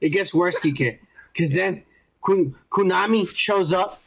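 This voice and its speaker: High gravelly man ranting casually. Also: slow pace, low-quality recording. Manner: animated, ranting, acts out quotes. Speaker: podcast co-host. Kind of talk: casual profane review chat.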